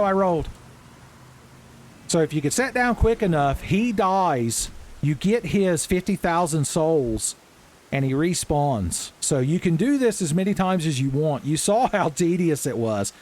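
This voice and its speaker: Joking man narrating gameplay. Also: fairly high pitch. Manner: joking, swearing, animated asides. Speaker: gaming channel host. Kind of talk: let's-play commentary.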